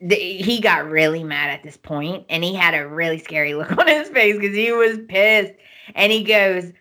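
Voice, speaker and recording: This podcast host has a fairly low voice and a moderate pace. She walks through a soap opera's plot in relaxed conversation, lively in her telling and acting out what the characters say.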